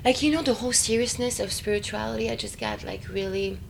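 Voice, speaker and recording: A woman in a casual, expressive chat, full of fillers and quick laughter. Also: fairly high pitch, creaky, slight background noise. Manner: chatty and expressive, many fillers, frequent laughter.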